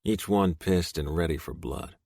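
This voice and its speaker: A man narrating a romance audiobook in first person, gruff, profane and intense. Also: deep voice, unhurried, darkish tone, no room sound, clean studio sound.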